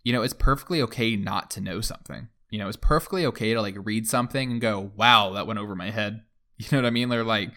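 A man's voice: lowish voice, quick pace, a bit bright. A young man hosting a podcast in casual chat, rambling with many fillers. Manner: rambling, lots of fillers like "like" and "you know". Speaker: podcast host.

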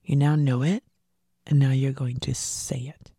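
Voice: mid-range voice, flat delivery, unhurried, gravelly, dark tone, breathy edge, no room sound, clean studio sound. A podcast host giving a motivational monologue, emphatic and repeating key phrases, sometimes dropping into a whisper for emphasis.

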